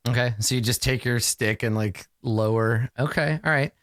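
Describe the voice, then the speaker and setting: A man running a tabletop game as dungeon master, narrating scenes and talking quickly with his players in asides. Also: mid-range voice, a bit bright, no echo, studio quality.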